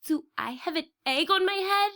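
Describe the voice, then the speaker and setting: A woman's voice: very high voice, moderate pace, bright, forceful tone, pitched above the performer's own voice, heavily acted. A woman voicing a worried, fussy male elephant in a storybook, exclaiming in alarm.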